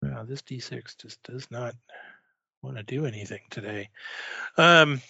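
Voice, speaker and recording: A man narrating a tabletop game as game master, speaking haltingly with many filler pauses. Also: medium pitch, vocal fry, sharp tone, breathy edge, dry recording. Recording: dull lo-fi dry recording.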